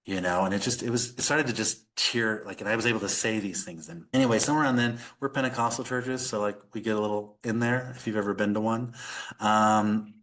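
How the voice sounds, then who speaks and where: A man's voice: on the low side, a little fast, a bit bright. A middle-aged man, a podcast guest, telling a personal story in earnest conversation, with many fillers.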